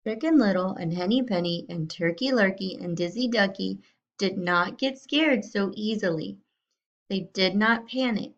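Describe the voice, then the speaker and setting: A woman teacher reads a storybook aloud to young students, unhurried and clearly spoken. Her voice sits in an ordinary middle range. The recording sounds slightly dull and muffled. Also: medium pitch. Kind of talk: reading a storybook aloud to children.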